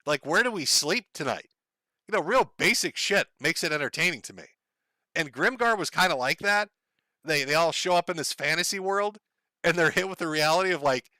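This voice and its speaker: Reading donations on a live stream, a middle-aged man chats casually, swears a lot, and keeps a wry, joking tone, laughing at his own gags. His voice is high-pitched and sharp, with lively intonation and a fairly quick pace. No room sound; studio quality.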